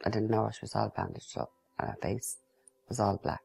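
An older woman, haltingly and quietly recounting a memory as an interviewee. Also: a bass voice, big pitch swings, creaky, breathy edge, soft background music.

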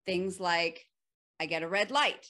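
A woman's voice: on the low side, measured pace, bright, forceful tone. A woman hosting a podcast, telling an everyday story in a casual, chatty way with frequent laughter and fillers. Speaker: podcast host. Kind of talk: casual solo podcast talk.

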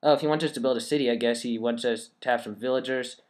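A gaming channel host chats with his viewers while he plays, offering casual game commentary and thinking aloud in a rambling, easygoing way. He talks fast at a middle pitch with fairly even intonation.

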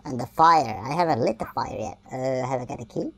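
A woman's voice: very deep voice, fairly quick. A woman giving silly, playful commentary while playing a video game, teasing the game character. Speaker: gaming YouTuber. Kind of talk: playthrough commentary. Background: game music.

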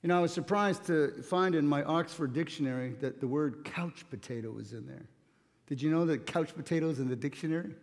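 A man's voice: on the high side, brisk. A male pastor reading scripture and preaching a sermon, telling stories with light humor. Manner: plain storytelling with light humor. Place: church sanctuary. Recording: long hall reverb.

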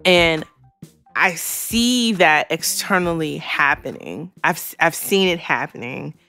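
A woman's voice: low-pitched, lively intonation, slow, sharp tone, no echo, faint music behind. A woman hosting a podcast, talking frankly and emotionally, swearing freely and choking back tears. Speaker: podcast host. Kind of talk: candid podcast monologue.

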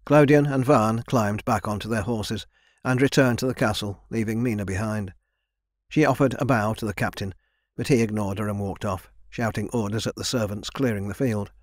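A man's voice: on the low side, steady tone, moderate pace, no room sound, clean studio sound. Man narrating a fantasy audiobook. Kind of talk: scripted narration.

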